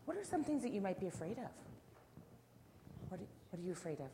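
A woman teacher talking gently with young children, asking them questions and telling them a story. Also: mid-range voice, sing-song, fast talker. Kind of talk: classroom storytelling. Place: classroom. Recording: noisy classroom recording.

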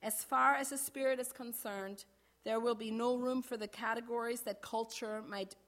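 A middle-aged woman pastor preaches to her congregation, her voice sitting a little high. She speaks in a measured, deliberate way and slows right down to lean on the phrases that matter most. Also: fairly even intonation, a bit bright. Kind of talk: sermon.

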